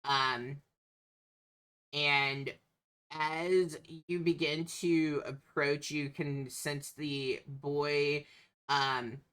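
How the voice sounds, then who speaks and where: A woman runs a tabletop game as its narrator, pausing often with ums as she sets the scene. Her voice is low yet bright and clear. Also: level tone. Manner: hesitant, lots of ums. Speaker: game master.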